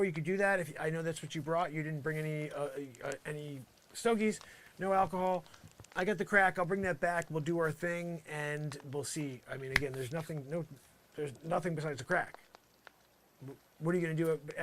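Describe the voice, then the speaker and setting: A man hosts a live improv comedy show, rambling through a mock-aggrieved monologue peppered with "you know". His voice sits a little high for a man. A faint hiss runs under the recording. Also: a bit bright.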